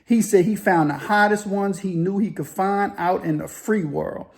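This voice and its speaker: A man telling a story casually, loosely and with animated sound effects. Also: sits high, moderate pace. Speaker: storyteller, former inmate.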